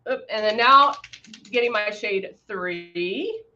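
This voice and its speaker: A woman's voice: mid-range voice, animated, slow, sharp tone, dull audio. A woman casually demonstrating airbrush makeup on a livestream, greeting viewers by name while she works. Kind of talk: casual live makeup demo chatting with viewers.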